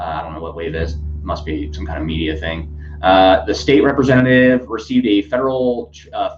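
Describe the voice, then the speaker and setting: A man hosting a casual news commentary podcast, rambling with many fillers and restarts. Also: lowish voice. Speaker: podcast host. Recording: dull lo-fi sound with faint hum.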